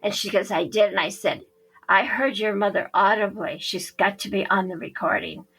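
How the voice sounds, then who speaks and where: A woman's voice: medium pitch, normal speed, gravelly, fairly bright tone, slightly rough, poor audio. A woman psychic medium, a podcast guest, telling a story animatedly and acting out the quoted dialogue.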